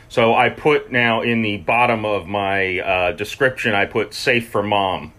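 Male podcast host, bright voice, halting, casual. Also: lowish voice. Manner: hesitant, many restarts, laughs easily. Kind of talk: casual chat.

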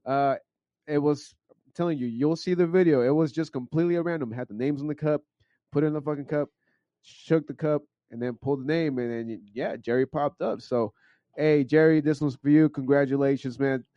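A man co-hosting a podcast in casual chat, laid-back and high, swearing often and stumbling over his words. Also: steady tone, brisk, dark tone, no room sound. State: high from smoking. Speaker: podcast co-host. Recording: dull dry lo-fi sound.

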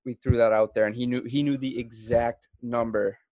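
A man's voice: medium pitch, moderate pace, no room sound, lo-fi sound. A man hosts a podcast in loose, easygoing chat. His mid-range voice wanders through fillers and restarts. The sound is dry and close, with no room around it. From Florida. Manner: relaxed, rambling, many fillers and restarts. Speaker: podcast host. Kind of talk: casual chat.

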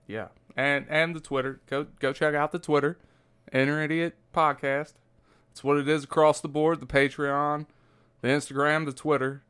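A man's voice: a little high, level tone, normal speed, a bit bright, clean tone. A man co-hosting a podcast, cracking crude jokes and plugging the show in casual chat. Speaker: podcast co-host.

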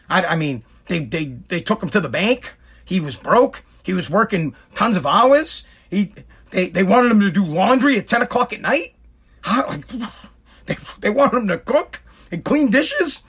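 A man with a high, lively voice rants on his podcast with mocking exasperation. His tone is sharp and forceful as he keeps cracking himself up between lines. He is recording at home. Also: brisk. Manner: exasperated, mocking, breaks into laughter. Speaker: podcast host. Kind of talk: comedic podcast rant.

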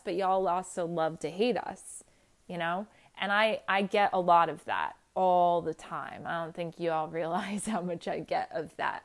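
A woman's voice: fairly low pitch, clean tone. A woman giving a candid personal monologue, blunt and emphatic, swearing casually and acting out quotes as she tells stories. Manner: animated storytelling with acted-out quotes.

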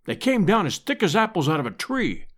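A man's voice: high voice, big pitch swings, brisk, fairly bright tone, full character voice. A man voicing a brash, hardy English adventurer lord in an audiobook, with clipped, urgent commands. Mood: grim. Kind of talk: audiobook character voice.

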